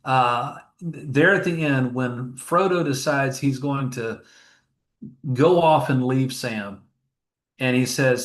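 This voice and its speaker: In a funeral home, a grief counselor tells stories during an interview, speaking slowly at a medium pitch. He is earnest and emotional, retelling scenes with acted-out quotes.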